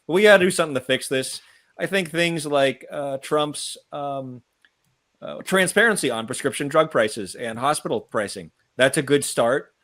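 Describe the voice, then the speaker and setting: A man co-hosting a political talk show, speaking in a measured, hesitant way with fillers. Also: on the high side, lively intonation, fairly bright tone. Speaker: podcast co-host.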